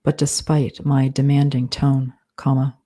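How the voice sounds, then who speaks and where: A woman with a low, mellow voice dictates her novel at an unhurried pace. She reads out every punctuation mark in a flat, even tone. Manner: speaks punctuation marks aloud, measured and deliberate. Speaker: author.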